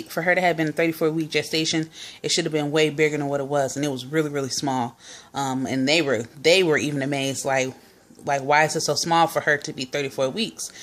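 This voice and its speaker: Low-voiced young woman telling her story. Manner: chatty, many fillers and quoted dialogue. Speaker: vlogger. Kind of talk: casual personal storytelling.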